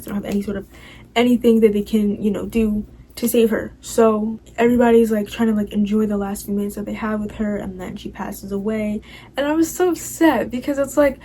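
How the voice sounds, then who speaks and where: A woman's voice: medium pitch, mellow, a little hiss or hum, rough recording. A young woman casually recapping a TV show, rambling and filling her talk with "like" and "you know".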